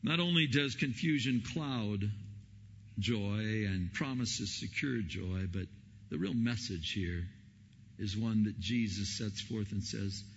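A man preaching a sermon as pastor, telling stories and acting out the quotes with lively energy. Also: lowish voice, slow, creaky, breathy edge. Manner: animated storytelling, acting out quotes. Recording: lo-fi recording in a reverberant hall.

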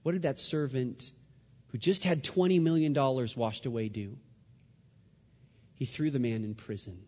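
A man preaching a sermon, dramatic, dropping to a hush and then rising loud. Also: medium pitch, moderate pace, big-room sound, highs cut off. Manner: dramatic, swings from hushed to loud.

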